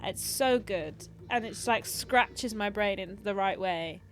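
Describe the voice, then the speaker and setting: A woman in her twenties chats casually on a gaming livestream, rambling from topic to topic with plenty of ums and likes. Her pitch is mid-range and ordinary, and her talk stays relaxed and conversational. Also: takes it slowly. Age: 20s. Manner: chatty, rambling, lots of fillers. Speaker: streamer host.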